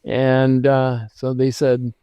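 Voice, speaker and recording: A man in his seventies, a guest in an interview, telling stories from his career in a reflective, unhurried way with many pauses and restarts. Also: mid-range voice, completely flat delivery, clean tone, no echo, dull audio. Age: 70s. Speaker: lighting designer guest. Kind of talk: conversational interview storytelling.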